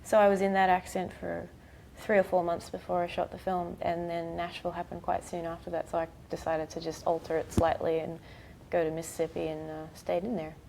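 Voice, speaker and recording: A woman in her thirties with an Australian accent, a guest chatting casually in an interview, soft-spoken and halting with many fillers. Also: on the low side, completely flat delivery, creaky, slight background noise, rough recording. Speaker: actress guest.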